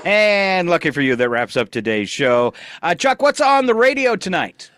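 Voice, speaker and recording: A man's voice: high voice, sing-song, normal speed, fairly bright tone. A man hosting a morning radio show, reading news and weather in an easygoing way at a studio microphone. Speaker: radio host.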